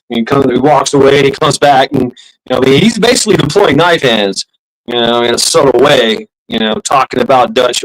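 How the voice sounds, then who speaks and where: A man's voice: mid-range voice, fairly quick, fairly bright tone, rough recording. A man streaming, telling a story in a casual, rambling way, swearing often, laughing and restarting his sentences. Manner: profane, laughing, full of fillers and restarts. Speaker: live streamer.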